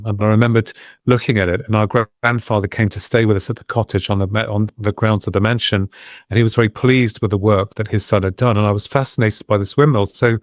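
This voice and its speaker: A man, a guest on a talk podcast, telling a personal story in a reflective, meandering way with pauses and restarts. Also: lowish voice, no echo, clean studio sound. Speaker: guest, medium and UFO researcher. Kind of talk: casual podcast interview storytelling.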